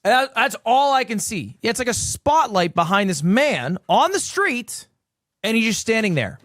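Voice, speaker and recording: Animated young man telling a story. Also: moderate pace, no echo, studio quality. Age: 20s. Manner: animated, jumps from low mutters to high exclamations. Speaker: streamer. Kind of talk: casual storytelling.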